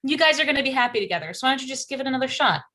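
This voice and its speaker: A woman's voice: high-pitched, animated, very fast, pushed and bright, full character voice. An actress playing a bubbly, bossy 1950s teen girl best friend, talking in a chirpy, pushy way in a live improv comedy scene. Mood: coaxing.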